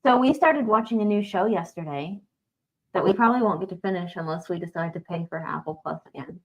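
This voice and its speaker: A woman's voice: fairly low pitch, lively intonation, quick pace. Chatty woman, dull lo-fi sound. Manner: chatty, asks questions. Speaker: livestream co-host. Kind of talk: casual chat.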